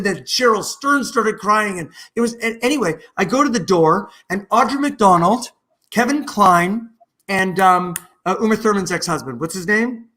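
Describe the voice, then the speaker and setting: A middle-aged man, a stage actor, telling stories with many restarts over a video call. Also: sits high. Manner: lively, animated, rambling with many restarts. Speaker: guest, musical theatre actor. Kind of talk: anecdotal storytelling in a video-call interview.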